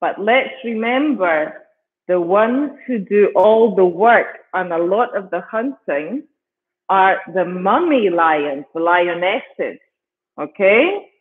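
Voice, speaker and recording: British male storytelling teacher for kids, high voice, unhurried and patient, tinny video call sound. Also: animated. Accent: British English. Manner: patient, repeats words and keeps checking with "okay?". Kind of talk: storytelling lesson for children.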